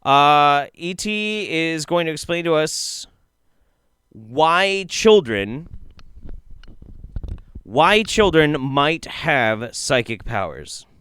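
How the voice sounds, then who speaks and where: A man riffs with his chat in loose, sarcastic live-stream commentary, swearing freely. His voice is smooth and clear and swings widely in pitch. The sound is dry and close. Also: extremely slow, pauses often, dry recording. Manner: profane, sarcastic, animated. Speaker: streamer reacting to a video.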